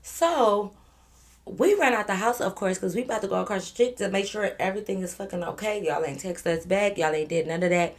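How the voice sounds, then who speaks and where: A blunt, animated woman vlogger swears freely while telling her viewers a personal story directly to camera. She talks a little fast at medium pitch.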